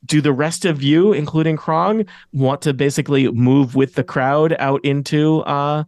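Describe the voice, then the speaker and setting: A man's voice: fairly high pitch, measured pace, darkish tone, no echo. A man narrating a tabletop game as game master, rambling with many fillers and chuckles.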